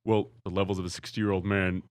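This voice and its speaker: A man's voice: sits low, level tone, fast, smooth, dry recording, studio quality. A man hosting a podcast who speaks bluntly and matter-of-factly. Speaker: podcast host. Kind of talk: casual chat.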